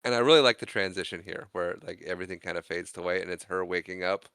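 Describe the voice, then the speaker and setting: Podcast co-host, male, bright crisp voice, dry close mic, chatty movie recap with quick put-on voices for characters. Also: sits low, dry recording. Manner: acts out characters' lines in exaggerated voices while recapping. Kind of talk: casual movie recap chat.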